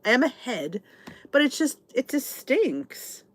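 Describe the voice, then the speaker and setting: A woman's voice: sits high, very animated, takes it slowly, dry recording. A middle-aged American woman hosting a casual live chat, answering viewers' comments in a chatty, exasperated way with lots of restarts. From United States. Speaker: channel host.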